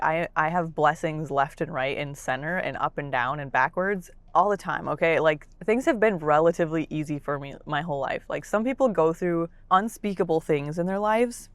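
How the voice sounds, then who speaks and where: A young woman vlogging casually to camera from a parked car, bubbly and excitable, often repeating herself. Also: low-pitched, dry recording. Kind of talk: casual vlog talk to camera. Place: parked car in a public lot.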